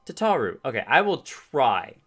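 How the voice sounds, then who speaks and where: A man's voice: mid-range voice, sing-song, normal speed, husky. A man giving chatty, playful commentary over a game he is playing. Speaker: game streamer. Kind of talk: let's play commentary. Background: game music.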